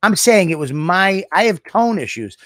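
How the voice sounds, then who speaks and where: A man with a Boston accent, hosting a casual podcast chat in a blunt, profane, gruff way. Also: sits high, animated, moderate pace, a bit bright, dry recording, clean studio sound. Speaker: podcast host.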